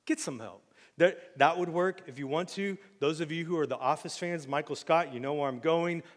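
A man preaching with a slightly high voice, animated and jokey, breaking into loud acted bursts. His voice rings out with long reverb, like a church hall. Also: normal speed. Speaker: pastor. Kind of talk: sermon. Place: church sanctuary.

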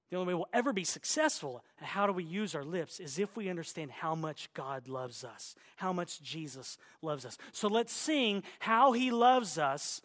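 A man pastor preaching a sermon, swinging between loud, urgent exhortation and quiet, earnest appeals. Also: on the high side.

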